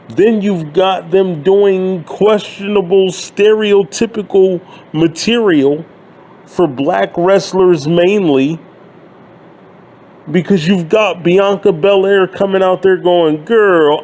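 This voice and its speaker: A man in his thirties delivers a profane, sarcastic rant in a fairly high voice. He talks slowly and bluntly, leaning into each complaint. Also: a little mellow. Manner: blunt, sarcastic, swears freely. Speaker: wrestling commentary YouTuber. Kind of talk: profane ranting monologue.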